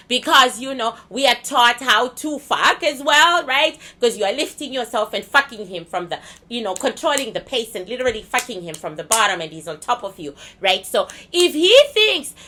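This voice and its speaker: A woman from Zimbabwe talking to her viewers in a casual, rambling monologue, candid and crude, swinging between loud and laughing. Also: fairly high pitch. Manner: blunt, candid storytelling with crude language. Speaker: vlogger.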